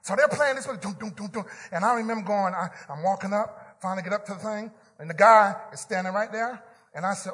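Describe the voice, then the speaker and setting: A man preaching and telling a story of his own, swinging from hushed quoted lines to loud shouts. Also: high voice, fast talker, in a large hall. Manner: animated testimony, whispering quotes then shouting. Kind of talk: storytelling sermon.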